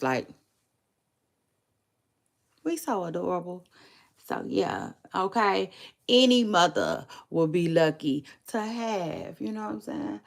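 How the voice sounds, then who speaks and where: Woman, 30s, casual livestream chat, rambling, fry in the voice. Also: sits low. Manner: rambling, drawn-out, repeats phrases; slow, gravelly, laid-back delivery. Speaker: livestream vlogger.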